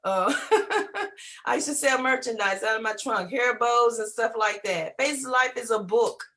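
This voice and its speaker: A woman's voice: fairly high pitch, measured pace, a bit bright. A woman giving an inspirational talk as a guest speaker, preachy and repetitive, often searching for words and laughing easily.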